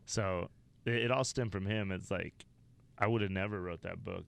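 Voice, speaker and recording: A man's voice: sits low, fairly even intonation, normal speed, vocal fry, fairly bright tone. A man from Wyoming, a stand-up comedian guesting on a podcast, telling rambling, profane anecdotes in a casual interview. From Wyoming, USA.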